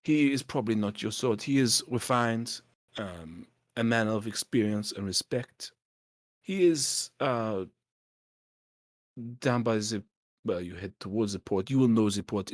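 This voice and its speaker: A game master voicing a snobbish male city fixer with a put-on French accent, haughty, slow and hesitant. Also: medium pitch, no room sound, lightly acted. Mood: disdainful.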